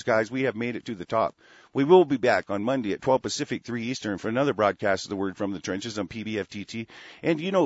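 A man's voice: medium pitch, no echo, lo-fi sound. A man hosting a talk radio show, delivering a rambling, profane, heated monologue.

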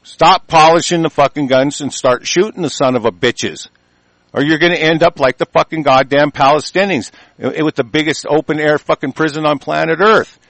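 A man in a furious, swearing rant, his voice sitting a little high for a man. The sound is dry and close, with no room echo. He keeps breaking into louder, heated bursts. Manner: heated, profane, shouting bursts. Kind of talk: angry political rant.

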